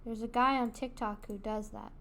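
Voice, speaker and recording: A woman's voice: a little high, steady tone, moderate pace, fairly bright tone. A young woman streaming a game, chatting casually and rambling between made-up song lines. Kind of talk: casual chat while gaming.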